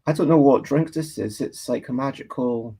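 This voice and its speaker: A Scottish man draws on a livestream, speaking in a mid-range, creaky, dark and slightly rough voice at a moderate pace. He chats casually and thinks aloud while reading and answering comments from the chat.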